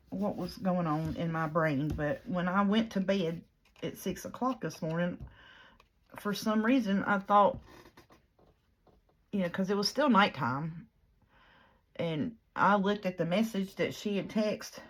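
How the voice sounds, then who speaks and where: A middle-aged woman telling a long, rambling story in casual chat while crafting, with lots of fillers. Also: fairly low pitch. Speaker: craft vlogger.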